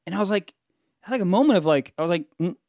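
A young man jokes crudely as a comedy co-host. His voice is high and swings widely in pitch. The sound is close and completely dry. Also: racing, no room sound. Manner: crude, jokey, animated. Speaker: podcast co-host. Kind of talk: casual comedic chat.

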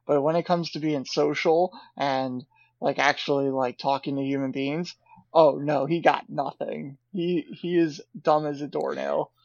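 A man with a somewhat high, gravelly voice chats in a relaxed way as a podcast co-host. His mic sounds dull and lo-fi, with a dry, close sound. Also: a little slow, no room sound. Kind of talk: casual chat.

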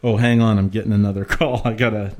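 A man's voice: lowish voice, fairly even intonation, fast, darkish tone. A man talking in a rambling, sarcastic way as a podcast co-host, laughing now and then. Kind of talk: casual chat.

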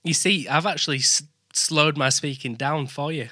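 A man with a Yorkshire accent hosts a relaxed live-stream conversation. His voice sits a little high and sounds sharp and bright, close and dry. He talks chattily, laughing and restarting his sentences. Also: moderate pace, no echo. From England, West Midlands. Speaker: host. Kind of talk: casual chat on a live stream.

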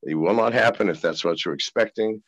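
A man's voice: fairly low pitch, a little fast, fairly bright tone, highs cut off. A man talking as a podcast guest over a video call, profane and rambling. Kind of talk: casual interview.

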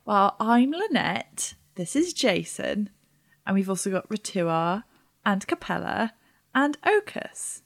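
A woman's voice: medium pitch, big pitch swings, slow pace, vocal fry. A woman playing a tabletop game, joking and asking playful questions. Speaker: player.

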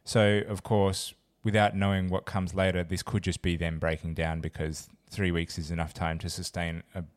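A man's voice: sits low, flat delivery, moderate pace. A man co-hosting a podcast in casual chat, teasing with dry humor and swearing casually. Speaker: podcast co-host.

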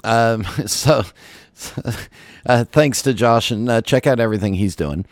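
A man with a gravelly voice hosting a radio show, chatting casually and chuckling easily. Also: mid-range voice, takes it slowly, no echo. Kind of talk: casual interview chat.

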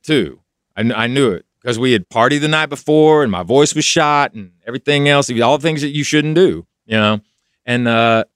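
A middle-aged man with a smooth, resonant voice recounts a story in easy conversational talk, dipping lower when it gets heartfelt. The sound is dry and close, with no room around it. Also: no room sound. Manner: relaxed, conversational, drops low when emotional. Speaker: rock band lead singer, guest. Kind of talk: casual storytelling.

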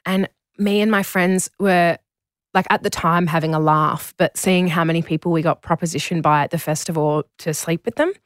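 Young aussie woman on a podcast, animated storyteller doing everyone's lines, lowish voice, dry sound. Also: normal speed, no echo. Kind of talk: casual conversation.

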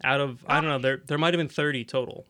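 A man's voice: mid-range voice, fast talker. A man co-hosting a casual tech podcast, telling stories with frequent laughs. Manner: laughs often, animated storytelling. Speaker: podcast co-host.

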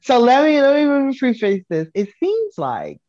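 A woman co-hosting a podcast in casual chat, thoughtful and measured in how she weighs things. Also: high voice, wildly swooping pitch, dark tone, dry recording, lo-fi sound. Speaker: podcast co-host.

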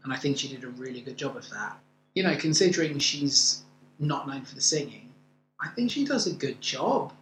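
A man's voice: medium pitch, animated, moderate pace, a bit bright. Man, podcast co-host, enthusiastic, opinionated, roomy echo. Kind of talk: casual chat reviewing a musical. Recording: echoey room with faint noise.

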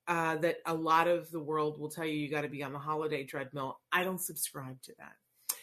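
A woman's voice: low-pitched, fairly even intonation, moderate pace, fairly bright tone. A middle-aged woman hosting a casual livestream, talking in a chatty, rambling way that keeps interrupting itself. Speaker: livestream host.

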